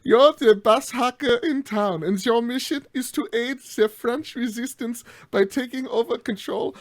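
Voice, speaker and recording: A man reading a game blurb as a put-on German-accented male announcer, loud and exaggerated in a trailer-style way. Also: very high-pitched, measured pace, voice pushed up. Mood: hammy.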